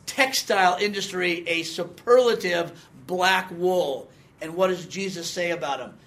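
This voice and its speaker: A man in his sixties leads a conversational Bible lesson, quizzing his class and reading scripture with emphasis. His voice sits high and fairly bright, and he speaks a little slowly.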